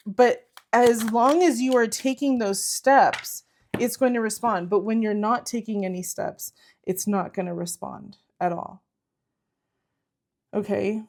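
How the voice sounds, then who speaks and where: Her mid-range, darkish voice carries an earnest, encouraging tarot reading to camera. The reader leans on "like" and repeats herself, sometimes coming close to tears.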